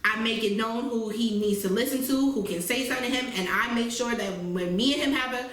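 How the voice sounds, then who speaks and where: A high-voiced woman speaks up emphatically as a parent co-hosting a casual podcast. She sits back from the mic in a very echoey room, with faint noise behind her. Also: brisk, a bit bright, far from the mic. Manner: emphatic, laughs often. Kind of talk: casual chat.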